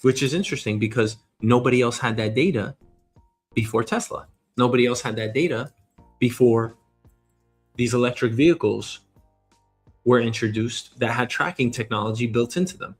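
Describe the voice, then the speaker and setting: A man hosting a show, giving an energetic motivational monologue, emphatic and casually swearing. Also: medium pitch, moderate pace, soft background music. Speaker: show host.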